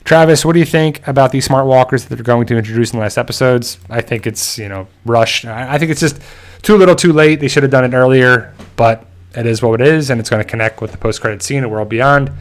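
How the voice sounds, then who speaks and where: A man hosting a show, recapping episodes in a loose, casual way full of fillers. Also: medium pitch. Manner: loose, filler-heavy storytelling. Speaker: show host.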